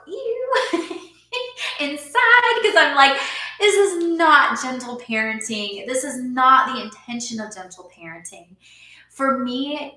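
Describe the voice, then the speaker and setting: A woman's voice: mid-range voice, bright, forceful tone, echoey room, rough recording. A woman in her thirties, a parent coach, explaining earnestly in a talking-head vlog and often breaking into short laughs.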